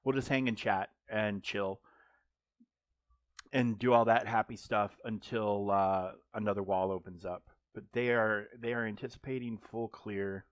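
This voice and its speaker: A man's voice: on the low side, fairly even intonation, measured pace, no room sound, highs cut off. A man streaming a mobile game live, chatting casually and joking, rambling with frequent ums and restarts.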